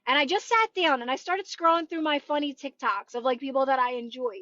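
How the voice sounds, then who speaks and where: A woman's voice: high-pitched, fairly quick, fairly bright tone, dry recording, dull audio. A woman manifestation coach chatting on a livestream from home, earnest and encouraging, often repeating herself. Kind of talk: livestream chat.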